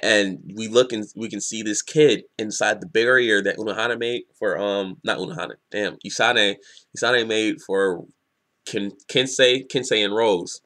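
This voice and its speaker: Young man, casual review, excitable, profane, rambling, lowish voice. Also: normal speed. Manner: rambling, excitable, swears a lot, laughs often. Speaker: manga reviewer.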